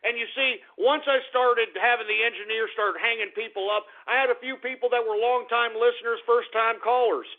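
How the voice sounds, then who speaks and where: A man hosting a call-in radio show, ranting in exasperation and swearing, sometimes breaking into shouting. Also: very high voice, fairly even intonation, brisk, hardly any pauses. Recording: tinny phone-like lo-fi broadcast.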